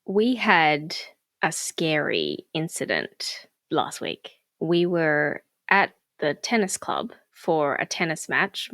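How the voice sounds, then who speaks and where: A woman's voice: deep voice, vocal fry, fairly bright tone, no echo, studio quality. A woman, co-hosting a podcast and telling a story in casual chat, acting out quotes and swearing freely. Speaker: podcast co-host.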